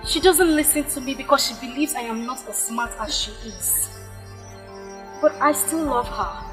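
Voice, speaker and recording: A woman's voice: sits high, normal speed, over music, lightly acted. A woman playing a desperate young woman who urgently pleads with a prince in a Nollywood film. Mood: pleading.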